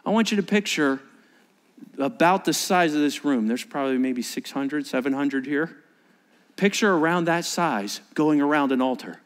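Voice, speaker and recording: A man's voice: a little high, animated, moderate pace. A male pastor preaching a sermon in a large church auditorium, telling the story animatedly and acting out the scenes. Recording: echoey large hall.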